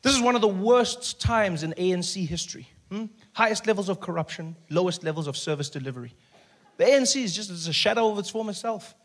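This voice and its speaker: A man's voice: sits high, expressive, quick pace. A man doing stand-up, mocking and playful. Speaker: stand-up comedian. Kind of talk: stand-up comedy.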